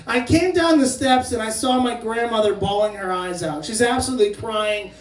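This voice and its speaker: Man, stand-up comic, very high voice, brash profane storytelling, loud bursts, roomy live room, audience laughter. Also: moderate pace, distant mic. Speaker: stand-up comedian. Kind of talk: stand-up comedy set. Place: crab shack venue with live audience. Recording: roomy live recording from off-mic, crowd laughter.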